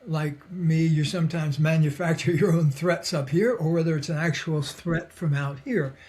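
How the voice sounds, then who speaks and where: Older guy on a podcast, a bit high-voiced, laid back and thoughtful, laughs a lot and does little voices for his stories. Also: fairly even intonation, normal speed, a little mellow. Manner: reflective, chuckles often, acts out quoted voices. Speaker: podcast guest, psychologist and author. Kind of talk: relaxed conversational storytelling.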